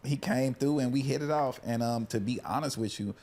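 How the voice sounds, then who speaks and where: A middle-aged man, a music producer telling stories in a casual, profane interview, acting out other people's lines. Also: fairly quick. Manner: animated, profane storytelling, acts out quotes in a high voice.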